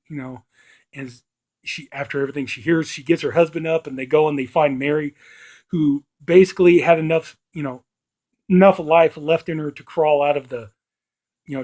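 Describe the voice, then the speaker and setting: A man's voice: fairly high pitch, a little mellow. A man casually retelling and reviewing a horror movie, rambling along with constant filler words. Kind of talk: casual plot recap and review.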